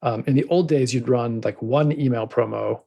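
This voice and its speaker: A man's voice: mid-range voice, moderate pace, vocal fry, dark tone, lo-fi sound. A man appearing as a podcast guest who talks about book promotions in a loose, chatty way full of fillers and asides. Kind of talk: casual podcast conversation.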